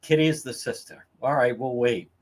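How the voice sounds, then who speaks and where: A man with a mid-range voice hosts a livestream at normal speed. He tells stories in an animated, casual way, laughing and swearing as he goes.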